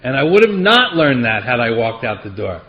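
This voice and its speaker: A man's voice: medium pitch, very animated, moderate pace, dull audio. Wry, self-deprecating man telling his story. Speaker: AA speaker. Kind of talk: personal story at a recovery meeting. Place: meeting hall.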